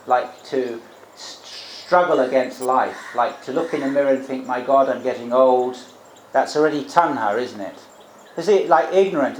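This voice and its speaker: Male monk teacher, mid-pitched, musing Dhamma talk in an echoey room with faint hiss. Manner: reflective, explains Pali terms with rhetorical tag questions. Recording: roomy echo, faint background noise.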